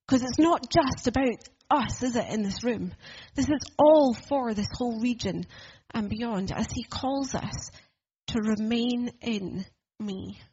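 A woman's voice: on the high side, takes it slowly, dark tone, breathy edge, dull audio. A woman preaching a sermon in a church, earnest and conversational, asking the room questions.

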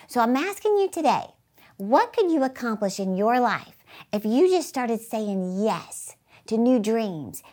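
Woman, fairly high voice, emphatic motivational speaker for a faith-based channel. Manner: upbeat and emphatic, with rhetorical questions to the viewer. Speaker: inspirational speaker and channel host.

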